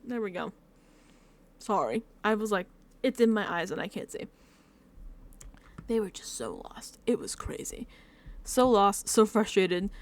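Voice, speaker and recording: Rambling, animated young woman recapping a show. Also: medium pitch. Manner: rambling, animated, swears freely, frequent restarts. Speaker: reality show recap host. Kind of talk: casual reaction recap. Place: home room. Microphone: close desk mic.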